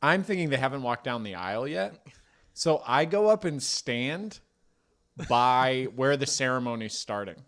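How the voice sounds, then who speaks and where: A young man spinning a long, rambling story about himself on a podcast. He pokes fun at himself and drops in casual swear words. His pitch sits right in the middle for a man. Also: animated, a little slow, a bit bright. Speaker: podcast co-host telling a story.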